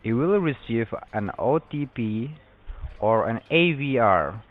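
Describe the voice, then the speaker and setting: A man's voice: mid-range voice, lively intonation, slow pace. A man acting as a phone support agent, speaking in formal, repetitive stock phrases. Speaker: phone scammer. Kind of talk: scripted support call. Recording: tinny phone line.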